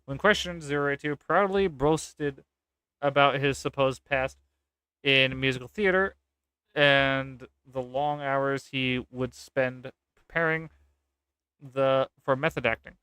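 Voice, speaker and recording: A man's voice: medium pitch, slow pace, bright, forceful tone, smooth, no room sound. A man reading a document aloud with casual, sarcastic commentary and occasional swearing. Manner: sarcastic, swears, laughs at the text. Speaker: gaming content creator.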